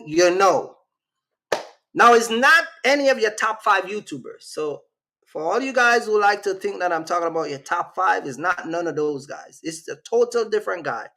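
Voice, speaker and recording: A Jamaican man hosts his own channel live, talking in a rambling, slangy way and answering the chat as he goes. His voice sits a little high and has a rough, fry-filled edge. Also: bright, forceful tone. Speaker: channel host. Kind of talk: casual livestream chat.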